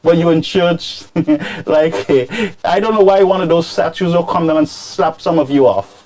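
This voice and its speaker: A man hosting political commentary, scolding and animated, dropping into Creole phrases. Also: on the high side, moderate pace. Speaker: commentary show host.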